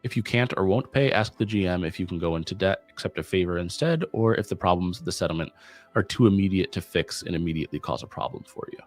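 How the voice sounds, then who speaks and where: A young man acting as game master, reading out rules in an even, measured way. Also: low voice, faint music behind. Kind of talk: explaining game rules at a tabletop session.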